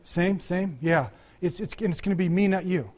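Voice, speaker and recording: A man's voice: sits high, moderate pace, darkish tone. An older man preaching a conversational sermon, talking to the congregation with frequent asides and restarts. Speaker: pastor.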